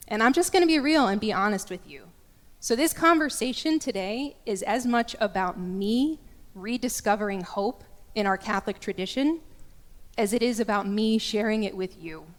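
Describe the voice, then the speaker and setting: A woman giving a candid, lively lecture as a guest speaker, joking with her audience. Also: medium pitch, normal speed. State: getting choked up. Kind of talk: lecture talk. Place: large church. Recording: echoey church hall.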